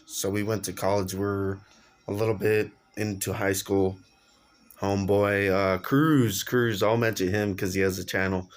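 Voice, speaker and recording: A man's voice: lowish voice, fairly even intonation, normal speed. A young man casually telling a personal story on his vlog, slangy and laughing along as he goes. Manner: laid-back slangy, laughs while telling. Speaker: vlogger.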